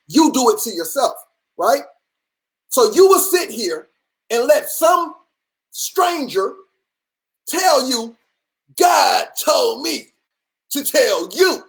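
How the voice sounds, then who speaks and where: A man's voice: extremely high pitch, poor audio. A man hosting a livestream, ranting in a passionate, profane and emphatic way. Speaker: livestream host. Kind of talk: livestream rant.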